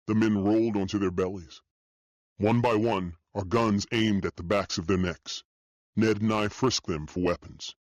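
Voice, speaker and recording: Low-voiced man reading a thriller. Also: moderate pace, dry recording. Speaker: audiobook narrator. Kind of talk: first-person thriller narration. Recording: dull dry studio audio.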